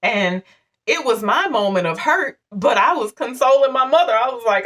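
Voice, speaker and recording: A woman's voice: on the high side, expressive, moderate pace, sharp tone, distant mic. A woman in her forties telling a painful personal story to her viewers in a candid, emotional, conversational way. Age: 40s. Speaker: vlogger.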